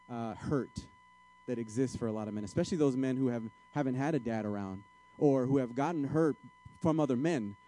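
A male pastor preaching a conversational sermon that moves from soft, confessional moments to emphatic, exhorting appeals. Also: mid-range voice.

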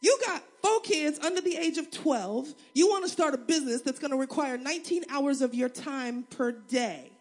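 A woman pastor preaching a sermon, acting out voices in her stories and building to shouts. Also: high voice, moderate pace, hardly any pauses.

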